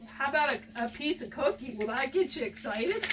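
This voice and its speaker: A woman's voice: high-pitched, lively intonation, a little fast, distant mic, noisy background. A woman opening gifts from fans on a home video, gushing, laughing often and using baby talk with her pet. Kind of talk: casual home video chat.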